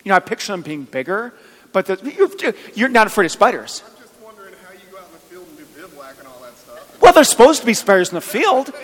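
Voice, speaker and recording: A man's voice: sits high, very animated, fast talker, long pauses, fairly bright tone, in a large hall, poor audio. A man preaching a sermon as pastor, chatty, with joking asides. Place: church.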